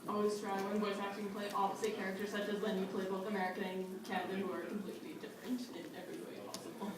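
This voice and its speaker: Fast-talking woman asking from the crowd. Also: mid-range voice, flat delivery. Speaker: audience member asking a question. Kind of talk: audience question at a panel. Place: large convention hall. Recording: echoey hall from far off, crowd around.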